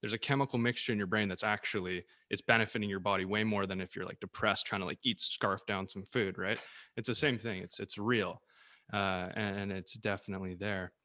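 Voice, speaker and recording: A man's voice: fairly low pitch, fairly even intonation, a little fast, sharp tone. A man co-hosting a podcast, talking in an earnest, rambling way full of "like"s. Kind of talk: casual podcast chat.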